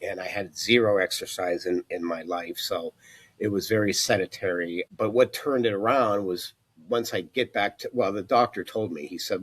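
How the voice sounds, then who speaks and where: Low husky man telling his story. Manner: earnest, reflective, many "you know" fillers. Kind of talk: personal testimony.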